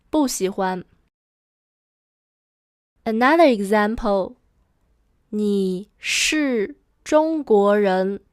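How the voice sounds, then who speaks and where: A woman teaching a language lesson, explaining step by step and repeating model phrases slowly and carefully. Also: mid-range voice, clear, resonant tone, no echo, clean studio sound.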